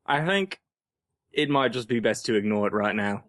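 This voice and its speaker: A man's voice: on the low side, lively intonation, normal speed, a bit bright, no echo, clean studio sound. A man playing a tabletop game, talking casually and matter-of-factly in and out of character. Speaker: player.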